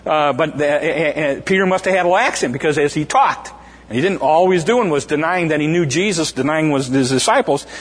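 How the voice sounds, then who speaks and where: Guy preaching a casual sermon, kinda husky, lots of uhs and restarts, big echoey hall. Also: fairly high pitch, brisk. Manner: conversational, frequent fillers and restarts, acts out quoted speech. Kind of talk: informal sermon retelling scripture.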